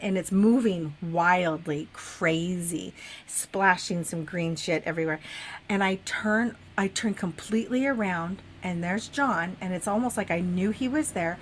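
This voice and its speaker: Middle-aged woman podcast co-host, chatty, expressive storyteller, laughs a lot, casual swearing. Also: mid-range voice, a little hiss or hum. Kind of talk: casual chat.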